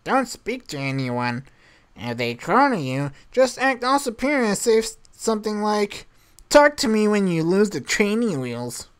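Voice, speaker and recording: A man's voice: high voice, animated, a little slow, fairly bright tone, smooth, voice pushed up. A man reading as a cocky young hacker. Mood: bossy.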